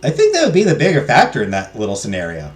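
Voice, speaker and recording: A man's voice: lowish voice, huge pitch swings, fast, reverberant. A man voicing a cheerful, wry middle-aged mother with a put-on North Dakota accent. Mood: teasing. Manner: teasing, wry.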